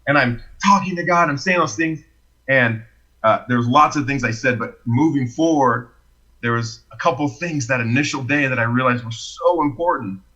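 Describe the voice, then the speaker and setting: A man telling his personal story as a podcast guest, expressive and animated, acting out the quotes. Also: medium pitch, normal speed, dull audio.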